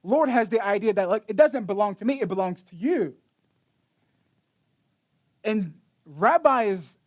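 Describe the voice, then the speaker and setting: High-voiced man preaching a casual sermon. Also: animated, unhurried, long pauses. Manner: casual, storytelling, acts out the quotes, many restarts. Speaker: pastor.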